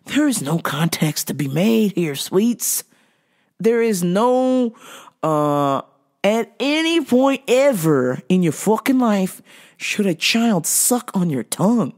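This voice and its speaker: A woman's voice: medium pitch, sing-song, slow, a little mellow. A woman hosting a podcast, talking in a casual monologue, profane and exasperated, often laughing. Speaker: podcast host.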